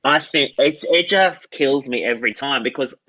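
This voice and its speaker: An Australian tenor chatting as an interview guest, enthusiastic and rambling, full of "you know" and "mate". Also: male voice, mid-range voice, moderate pace, bright, forceful tone, breathy edge, no room sound, lo-fi sound. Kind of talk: casual interview chat.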